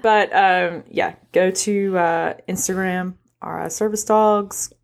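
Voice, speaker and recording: A woman co-hosting a casual podcast chat, quiet and chiming in with short replies. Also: lowish voice, fairly even intonation, slow pace, creaky. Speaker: podcast co-host.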